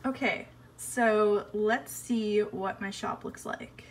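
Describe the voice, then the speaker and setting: A woman artist chatting casually in a home vlog, excitable and full of fillers, recorded on a phone in an apartment. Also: medium pitch, takes it slowly, poor audio. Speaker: artist vlogger.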